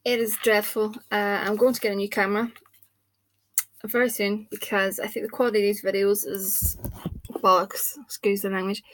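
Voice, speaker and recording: A woman doing spells and card readings, chatting informally to her camera at a table indoors and thinking aloud as she goes. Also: mid-range voice. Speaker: spell caster and card reader. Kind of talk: casual talk to camera. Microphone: camera mic.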